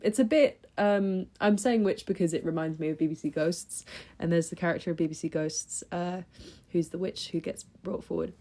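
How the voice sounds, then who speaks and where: A woman's voice: on the low side, moderate pace, dark tone. A young woman talking through books she read in a chatty, enthusiastic vlog, with lots of ums and restarts. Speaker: book vlogger. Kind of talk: casual book review chat.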